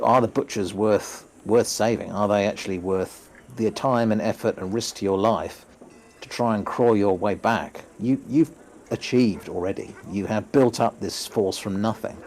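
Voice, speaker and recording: A man playing an earnest young man who pleads with his mother, talking in a halting, stammering way. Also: fairly low pitch, gravelly, darkish tone, a little hiss or hum.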